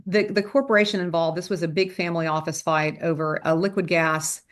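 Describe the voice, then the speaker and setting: A woman trial lawyer, a podcast guest, telling stories with quick asides and restarts. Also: fairly low pitch, steady tone.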